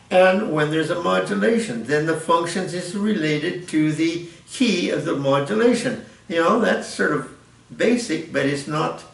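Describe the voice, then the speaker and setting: Older man with a gravelly voice. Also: fairly high pitch, fairly bright tone. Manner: rambling, self-correcting explanation. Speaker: music teacher. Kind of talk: informal music lesson. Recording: echoey room, mic at a distance.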